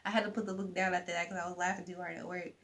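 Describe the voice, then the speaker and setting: A young woman chatting casually to camera about books, animated, with soft asides. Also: fairly low pitch, racing. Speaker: vlogger. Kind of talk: casual book chat to camera.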